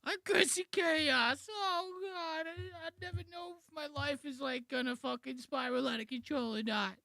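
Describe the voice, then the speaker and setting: A high, warbling whine of a man who thinks his life is falling apart, put on by a man mocking it. The voice sits far above his normal talk and stretches its words slowly, in a sharp, bright, dry sound. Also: vocal fry, no room sound, full character voice. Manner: high, drawn-out whining. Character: whiny panicky man mocking a comedian's act.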